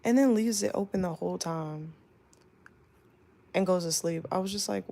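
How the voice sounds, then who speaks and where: A young woman flight attendant telling a work story as a casual storytime, chatty and animated, full of "like". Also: mid-range voice, moderate pace, vocal fry, long pauses.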